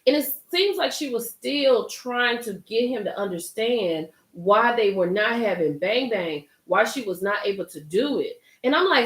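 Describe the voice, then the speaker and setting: A young woman hosting a live recap chat, animated and excitable, talking straight to her viewers by name. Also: on the high side, a little slow, hardly any pauses, roomy sound. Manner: animated, gets hyped and loud, talks to chat by name. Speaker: livestream host recapping a reality show.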